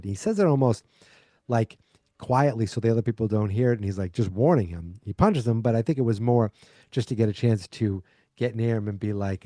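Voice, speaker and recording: A podcast host with a fairly low, dark voice talks fairly quickly in a clean, dry studio recording with no room sound. He recaps an episode casually, rambling on and packing his retelling with fillers.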